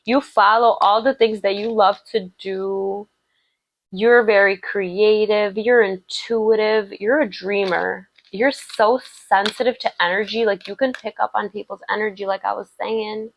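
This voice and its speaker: A woman tarot reader gives a casual, rambling love reading, chatty and warm, with lots of "like" fillers and affirmations. Her medium-pitched voice is level and a little slow, and the audio quality is poor.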